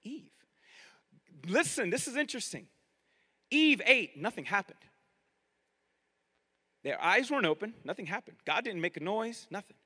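Animated preacher with a high, bright voice. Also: male voice, moderate pace, long pauses, husky, big-room sound. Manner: animated, conversational, asks the audience directly. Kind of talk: sermon.

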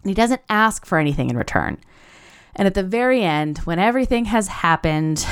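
A woman's voice: low-pitched, clean tone. A young adult woman hosting a podcast in a casual monologue, gushing and chatty with a rambling flow. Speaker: podcast host.

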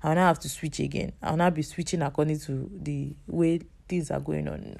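A low, gravelly woman talks through a casual faith-based podcast episode. She is chatty and teases herself, her voice a little off, with a mellow, darkish tone. She encourages her listeners as she goes. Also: steady tone, normal speed, few pauses. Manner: chatty, self-teasing, laughs often. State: voice a bit off. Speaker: podcast host.

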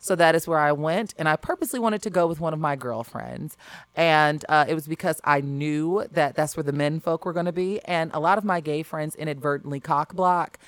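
A woman's voice: sits low, brisk, no room sound. A woman co-hosting a studio chat, talkative and emphatic, laughing often as she tells stories. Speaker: podcast co-host. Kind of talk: casual chat.

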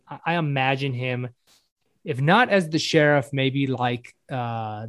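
A man's voice: mid-range voice, dry recording. A man from the American South chatting casually on a podcast, rambling and correcting himself as he speculates.

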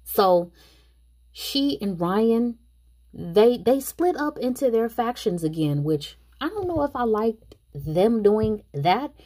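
A woman's voice: fairly high pitch, big pitch swings, takes it slowly, mellow. A woman casually recapping a movie plot and chatting her opinions straight to the viewers. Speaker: movie reviewer.

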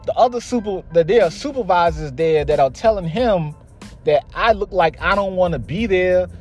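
High-voiced young man ranting bluntly. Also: animated, moderate pace, darkish tone, soft background music. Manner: heavy swearing, blunt and exasperated. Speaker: podcast host. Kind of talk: casual storytelling monologue.

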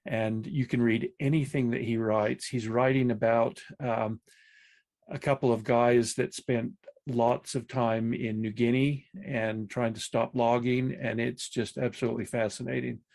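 A man in his sixties with a gravelly, creaky voice introduces himself to a panel over a video call. He talks in a relaxed, unhurried way. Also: medium pitch. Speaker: panel guest. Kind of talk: casual self-introduction.

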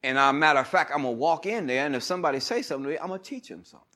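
A male pastor preaching a sermon, moving between loud shouts and quiet asides, leading the congregation in call-and-response and telling stories with laughter. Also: on the high side, very fast. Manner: animated preaching, swings from loud shouts to murmurs.

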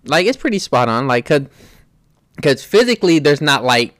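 A man's voice: on the high side, sing-song, normal speed, a bit bright. A man co-hosting a podcast in casual chat, laid-back and slangy, often laughing. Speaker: podcast co-host.

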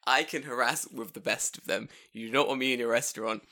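A man co-hosting a casual podcast, swearing freely and breaking into loud mock shouting. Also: medium pitch, steady tone, fast talker. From living in Japan. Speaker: podcast co-host.

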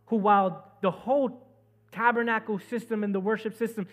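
Preaching a sermon to his congregation, a high-voiced pastor speaks briskly and keeps a steady tone, while quiet instrumental music plays in the background. His delivery shifts from pressing, loud exhortation to a hushed, low telling of the story.

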